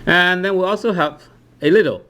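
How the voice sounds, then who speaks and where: A man's voice: sits high, a little fast, fairly bright tone. A man explaining grammar to learners, with frequent "uh" restarts, who checks in with "right?" after nearly every phrase. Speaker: language teacher.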